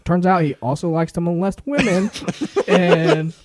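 A man's voice: high voice, a little slow, a crowd in the background. A man co-hosting a podcast, talking in a rambling, filler-heavy way and laughing often. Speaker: podcast co-host. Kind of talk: casual chat.

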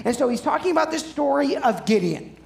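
A male pastor preaches in a relaxed, conversational way, often asking his listeners questions. His voice has a gravelly edge. The sound is roomy and echoey, as in a church. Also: very high-pitched, fairly quick. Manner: conversational, asks the audience questions. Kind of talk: sermon.

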